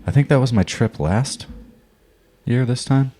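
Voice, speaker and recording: A man's voice: mid-range voice, a little slow, dark tone. A man in casual podcast chat, talking loosely and meandering with plenty of swearing.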